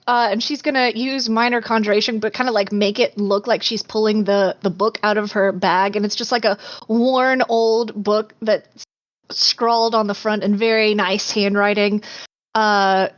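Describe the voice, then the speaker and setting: A woman's voice: mid-range voice, level tone, normal speed, dull audio. A woman playing a tabletop game, explaining her moves casually with fillers. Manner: casual, giggly, filler-heavy. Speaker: player.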